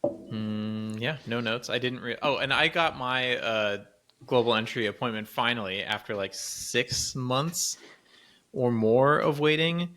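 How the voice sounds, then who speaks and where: Man, podcast co-host, casual chat, rambling, clear ringing tone. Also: medium pitch, unhurried, bright, forceful tone. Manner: chatty, rambling, laughs often.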